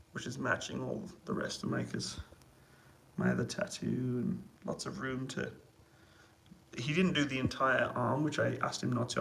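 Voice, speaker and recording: A YouTuber chats casually on a live stream from his army accommodation room, reading out viewer comments and answering them in an easygoing way with lots of laughter. His voice is mid-range and creaky, and the rough recording carries slight background noise.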